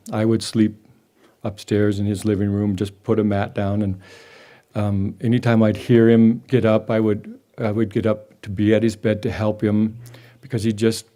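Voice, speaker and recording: An older man telling a personal memory at a memorial gathering, halting and gentle, with many restarts. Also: on the low side. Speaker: devotee sharing a memory. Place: gathering hall with a live audience.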